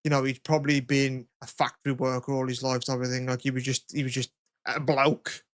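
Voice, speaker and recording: A man's voice: mid-range voice, little pitch movement, brisk, no room sound, clean studio sound. A young man from England, co-hosting a podcast and telling rambling, sweary stories with frequent laughs. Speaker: podcast co-host. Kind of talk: casual chat.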